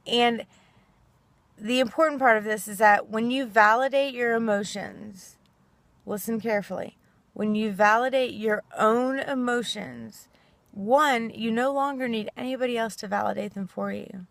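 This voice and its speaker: A woman's voice: on the high side, normal speed, gravelly, fairly bright tone, no echo. A woman speaking earnestly and casually to camera, rambling a little and acting out small quoted exchanges. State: choked up. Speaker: self-help video host. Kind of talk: casual heartfelt talk to camera.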